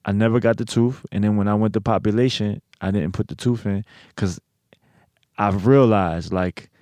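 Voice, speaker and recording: A man's voice: on the low side, steady tone, normal speed, mellow, no echo. A man telling a personal story in a casual interview, swearing a lot and leaning on filler phrases. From United States. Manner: profane, streetwise, lots of filler phrases. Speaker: interview guest.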